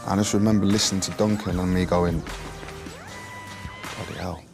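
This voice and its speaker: A man's voice: low voice, level tone, fast, music in the background. A man telling interview anecdotes in a cocky, laid-back way. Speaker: interviewee, pop singer.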